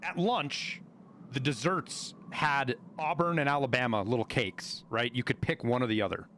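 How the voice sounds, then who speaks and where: A man from Montana, a streamer telling stories in casual chat, animated and full of swearing. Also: mid-range voice, normal speed, slight background noise. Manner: profane, animated storyteller.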